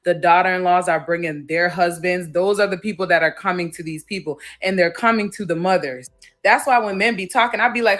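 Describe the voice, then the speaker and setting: A woman's voice: mid-range voice, animated, brisk, a bit bright. A woman who works in elder care, ranting bluntly and sassily in a casual video, swearing and laughing. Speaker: care worker in a clip.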